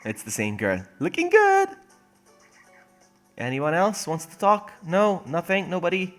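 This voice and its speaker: A young man laughs often as he jokes through a let's-play of a phone game, reading its text aloud along the way. His fairly high, slightly bright voice is very animated at a moderate pace, over soft background music.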